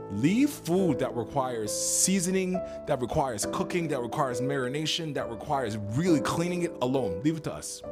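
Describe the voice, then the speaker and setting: A man rants in mock outrage, hammering each point with comic indignation. His voice sits at a middle pitch. Loud music plays under him. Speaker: reaction commentator. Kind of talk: comic rant.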